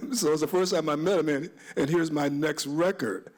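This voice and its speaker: A man's voice: on the high side, normal speed, darkish tone. A man, a DJ on a discussion panel, telling stories in a rambling, reminiscent way with many restarts.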